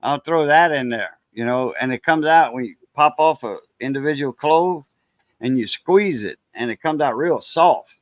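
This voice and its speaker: A man's voice: mid-range voice, moderate pace, dry recording, studio quality. A man in easygoing, casual chat, talking fondly about cooking.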